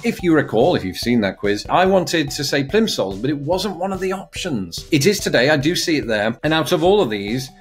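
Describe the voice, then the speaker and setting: A man's voice: a little high, very animated, a little fast, hardly any pauses. A young man from England, chatting wryly as a video host, with faint music behind. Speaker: YouTube host. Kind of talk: casual commentary.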